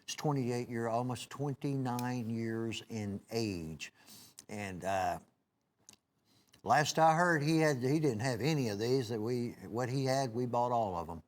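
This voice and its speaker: Speaking at a measured pace with medium pitch, a drawling home-shopping host runs a live knife sale. He's chatty and folksy, rambles with frequent "uh"s and restarts, talks to "folks," and clears his throat every so often.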